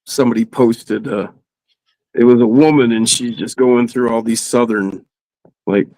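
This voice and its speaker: A man's voice: medium pitch, fairly even intonation, moderate pace, mellow, no room sound, poor audio. A man joining a casual chat on a livestream, making dry, teasing remarks.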